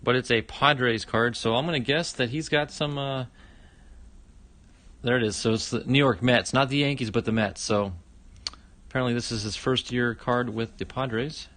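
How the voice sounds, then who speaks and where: A middle-aged man chats casually on his own livestream, reacting with lots of exclamations as he opens fan mail. His voice sits at an ordinary middle pitch and sounds close and dry, with no room around it. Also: steady tone, moderate pace, fairly bright tone, no echo. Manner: enthusiastic, chatty, exclaims often. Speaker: YouTube host opening fan mail.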